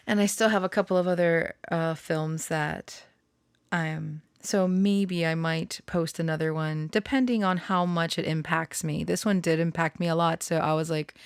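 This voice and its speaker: A woman's voice: sits low, unhurried, clear, resonant tone, no echo. A woman vlogger chatting casually close to the mic, laughing often, rambling and apologetic. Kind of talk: casual chat.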